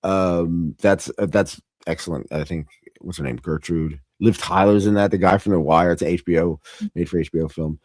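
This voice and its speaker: A man with a lowish voice hosts a loose, casual film chat. He rambles, laughs easily and restarts his sentences often. The sound is dry and close, with almost no room. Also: moderate pace, a little mellow, dry recording. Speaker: host. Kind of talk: casual podcast chat about films.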